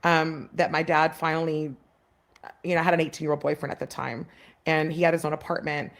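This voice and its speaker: Woman guest, 30s, lower voice, heartfelt storyteller, restarts often. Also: little pitch movement, a little fast. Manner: heartfelt, many fillers and restarts, acts out voices in her story. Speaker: podcast guest. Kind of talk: personal storytelling.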